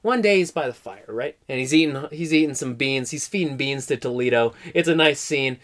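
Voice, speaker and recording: A man's voice: medium pitch, brisk, fairly bright tone. A young man casually telling a comic story, rambling, swearing and laughing as he goes. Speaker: podcast co-host telling a story.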